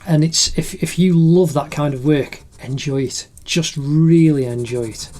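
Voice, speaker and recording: A man's voice: a little high, measured pace, darkish tone. A middle-aged man narrating a drawing tutorial in a chatty, encouraging way, like an art teacher.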